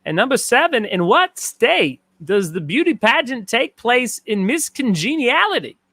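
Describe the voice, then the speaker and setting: A man doing a halting, oddly stressed star impression. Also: very high-pitched, big pitch swings, pushed and bright, no echo, voice pushed up, full character voice. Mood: hammy.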